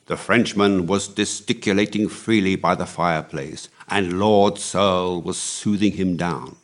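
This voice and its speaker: A man narrating a novel aloud with measured storytelling. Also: low-pitched, steady tone. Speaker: audiobook reader.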